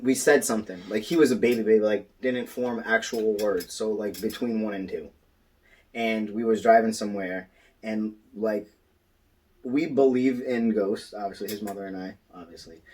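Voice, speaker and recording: A man co-hosting a laid-back podcast, telling a story with lively energy. He throws his voice up high for quoted lines. His voice sounds a bit distant from the microphone. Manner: animated storytelling, acts out quotes. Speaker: podcast co-host. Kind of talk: casual chat.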